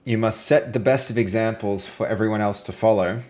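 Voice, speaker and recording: A fairly low-pitched Australian man hosts a casual live coding stream. He talks in a relaxed, playful way with his viewers. He often drops into quiet murmurs while he reads notes aloud. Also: brisk. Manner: chatty and playful, trailing off into low mutters while reading. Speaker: game developer streaming live.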